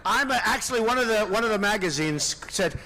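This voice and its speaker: A presidential candidate giving a rambling, off-the-cuff rally speech, repeating himself and throwing asides to the crowd. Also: male voice, sits high, lively intonation, a little fast, pushed and bright. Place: large indoor rally venue.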